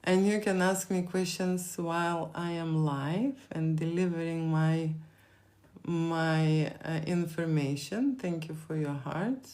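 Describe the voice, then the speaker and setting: A woman's voice: low voice, takes it slowly, a little mellow. A woman from Lithuania with a Lithuanian accent, chatting on a live stream, rambling and repeating herself as she answers viewer questions. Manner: rambling, repeats words, frequent fillers.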